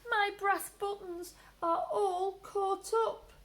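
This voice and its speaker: A woman voicing a naughty, easily frightened little boy rabbit in a storybook, with a squeaky, breathless, tearful voice. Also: very animated, a little slow, a bit bright, exaggerated voice.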